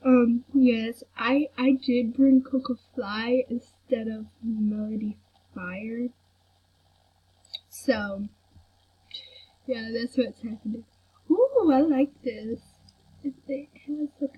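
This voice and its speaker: A young woman giving casual gameplay commentary, excitable and fawning over what she sees, in a soft, breathy voice. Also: fairly high pitch, slow pace, pauses often. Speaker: gamer. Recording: dull lo-fi home recording.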